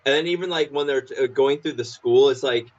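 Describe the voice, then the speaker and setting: A man chatting loosely on a live podcast stream, circling through "like" and "uh" as he retells scenes. He jumps into squeaky, exaggerated voices when quoting characters. The sound is dull and lo-fi. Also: brisk. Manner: rambling, filler-heavy, pops into high goofy voices for quotes. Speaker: podcast co-host. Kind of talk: casual chat retelling cartoon scenes.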